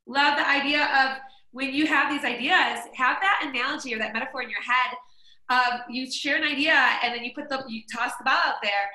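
An enthusiastic woman host with a high, very bright voice gushes over her guest's advice. She is heard in an echoey room. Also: brisk. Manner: enthusiastic, effusive. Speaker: podcast host reading listener questions. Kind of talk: casual podcast chat.

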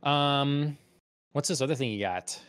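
Relaxed man hosting a stream, dry sound. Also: mid-range voice, measured pace, clear, resonant tone, no echo. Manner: relaxed, hesitant, many fillers. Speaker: stream host. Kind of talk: casual chat on a stream.

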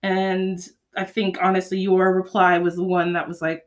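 A young woman co-hosting a casual chat podcast, telling stories with lively laughter and acted-out quotes. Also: lowish voice, moderate pace, hardly any pauses. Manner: animated storyteller, laughs often, acts out quotes. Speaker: podcast co-host.

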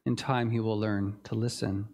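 A man's voice: fairly low pitch, level tone, moderate pace, a little mellow. A man preaching a sermon in an earnest, reflective way, with some fillers and restarts. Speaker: pastor.

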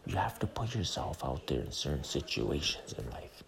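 Podcast host, male, rambling in a hushed whisper, very low creaky voice, recorded in a busy movie theater. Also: very animated, moderate pace, slight background noise. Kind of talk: whispered casual chat. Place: movie theater during a film. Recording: crowded room, movie audio behind. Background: crowd chatter.

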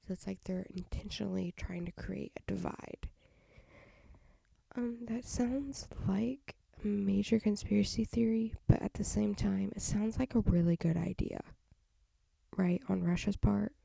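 A woman's voice: mid-range voice, a little slow, gravelly, mellow, no echo. A young woman hosting a solo podcast, tired and half-whispering as she rambles frankly through her thoughts with little sighs and laughs. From United States. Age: young adult. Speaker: podcast host. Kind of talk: casual solo podcast chat.

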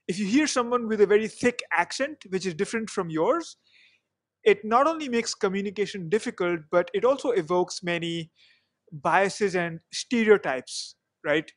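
A man with a fairly high voice hosts a podcast, talking in a loose, chatty way and often restarting his sentences. The sound is dry and close, with no room around him. He introduces the show and his guest casually. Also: a bit bright, no room sound. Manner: chatty, self-correcting, frequent fillers. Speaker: podcast host.

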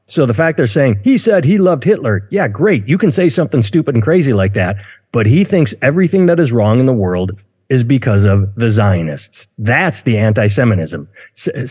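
A man's voice: medium pitch, animated, normal speed, a little mellow, husky. Rambling male podcast co-host, reverberant. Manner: rambling, self-interrupting, outspoken. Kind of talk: casual chat. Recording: long room reverb.

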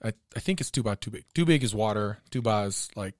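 A man's voice: on the low side, lively intonation, quick pace. A man telling a long personal story in casual chat, laughing often.

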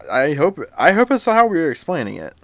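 A man's voice: on the high side, big pitch swings, brisk, a bit bright, dry recording. Laid-back young man bantering on a podcast. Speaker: podcast co-host. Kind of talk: casual gaming chat.

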